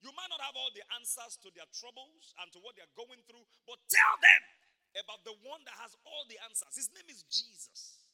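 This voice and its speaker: A man pastor preaching a sermon at a church service, telling stories emphatically with sudden loud bursts. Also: extremely high pitch, very animated, brisk, hardly any pauses, long reverb tail.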